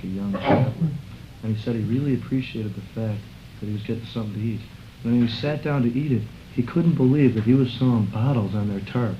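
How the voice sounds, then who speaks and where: A middle-aged man telling casual stories in a rambling way, using many fillers and acting out quotes in a raised voice. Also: on the low side. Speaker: interviewee recalling a friend. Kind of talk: casual storytelling. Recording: muffled recording with clear background noise.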